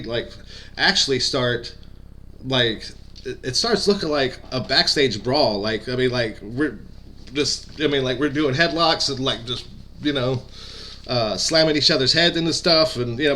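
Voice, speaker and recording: A man's voice: medium pitch, bright, forceful tone. A man, a former pro wrestler, telling a story in a casual, rambling way full of fillers and stutters.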